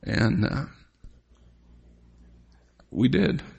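Gravelly, husky older man telling his story. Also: mid-range voice, lively intonation, darkish tone. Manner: reflective storytelling, halting with fillers. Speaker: testimony speaker. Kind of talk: personal faith testimony.

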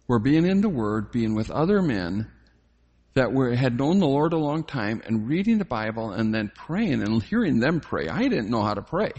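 An older man giving a reflective personal faith testimony, telling his story slowly with frequent pauses and fillers. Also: mid-range voice, very animated, darkish tone, slightly rough, highs cut off. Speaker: testimony speaker.

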